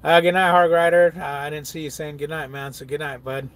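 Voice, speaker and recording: A truck driver chatting casually on a live stream, reading viewer comments aloud and answering them, swearing freely and laughing often. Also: male voice, fairly high pitch, level tone, fairly quick.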